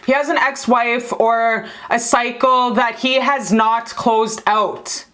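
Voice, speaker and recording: A woman's voice: a little high, steady tone, slow, a bit bright. A woman giving a casual tarot reading to camera, slangy and profane, calling viewers baby and sis. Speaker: tarot card reader.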